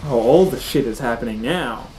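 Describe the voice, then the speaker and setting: A young man giving animated, swear-filled let's-play commentary, often squealing and shouting at the game. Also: mid-range voice, normal speed. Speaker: gaming let's-play host.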